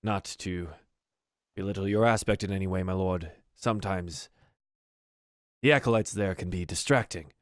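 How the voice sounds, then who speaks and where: A disciplined middle-aged commander, formal and respectful, as a man puts him on. The voice sits on the low side and sounds dry and close. He stays clipped and proper. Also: moderate pace, pauses often, no echo, lightly acted.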